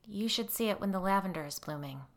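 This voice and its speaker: A woman's voice: mid-range voice, expressive, fast talker, close to an everyday voice. A woman voicing a defensive, anxious middle-aged mother in a story reading. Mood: tense.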